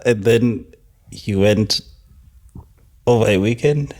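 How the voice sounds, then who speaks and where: A man co-hosting a podcast, chatting in a relaxed way and telling a story. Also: fairly low pitch, measured pace. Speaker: podcast co-host. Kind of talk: casual conversation.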